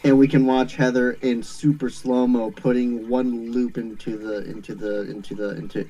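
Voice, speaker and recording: A man's voice: medium pitch, level tone, normal speed, warm tone, low-quality recording. A man chatting casually on a stream, rambling and laughing often. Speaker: stream co-host. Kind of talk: casual chat.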